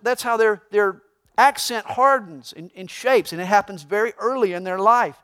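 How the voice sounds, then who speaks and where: High-voiced male preacher. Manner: emphatic preaching, swinging from loud to hushed. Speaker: pastor. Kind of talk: sermon.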